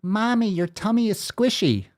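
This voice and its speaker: A man's voice: sits high, big pitch swings, moderate pace, voice pushed up. A man putting on a mocking small child's voice, pestering its mommy.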